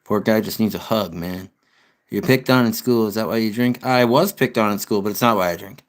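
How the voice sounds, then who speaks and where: Young streamer, low-pitched, blunt and profane, loose conversational rambling. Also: male voice, fairly quick. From United States. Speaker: live streamer. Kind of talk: casual livestream chat reading comments.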